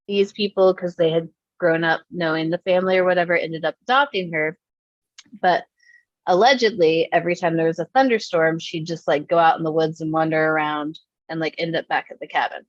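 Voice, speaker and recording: A woman's voice: on the low side, dry recording, dull audio. A woman casually chatting as a podcast co-host, laughing often and acting out quotes while she tells stories. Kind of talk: casual chat, storytelling.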